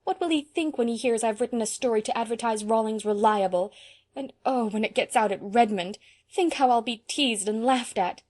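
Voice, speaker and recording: A woman's voice: on the high side, normal speed, a little mellow, close to an everyday voice. A woman reading an audiobook, voicing a sensitive, imaginative young woman who speaks with emotional, imploring intensity. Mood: anguished. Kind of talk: audiobook character voice.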